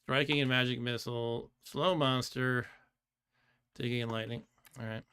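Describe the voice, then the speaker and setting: A man's voice: mid-range voice, steady tone, moderate pace, bright, forceful tone, clear, resonant tone. A man casually commenting on his own game during a live stream, thinking aloud, trailing off and laughing often. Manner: chatty, laughs often, reads chat aloud. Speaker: streamer playing a computer game.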